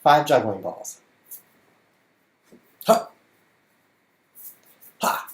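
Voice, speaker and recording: A man's voice: medium pitch, lively intonation, extremely slow. Playful man streaming from his bedroom. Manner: playful and jokey, narrating while he juggles. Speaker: chess streamer and show host. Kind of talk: casual livestream chat. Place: bedroom at home.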